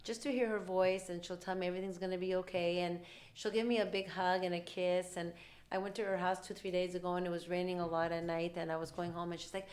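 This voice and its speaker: Fast-talking, animated woman podcast host. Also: fairly low pitch. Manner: rapid, animated talk, acting out quoted dialogue. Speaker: mother. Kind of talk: casual conversational storytelling.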